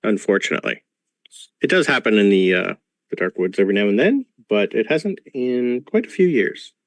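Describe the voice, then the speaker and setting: A man's voice: lowish voice, sing-song, a little fast, no room sound. A man running a tabletop game over a video call, lecturing patiently as a professor, with many ums. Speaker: game master playing a professor.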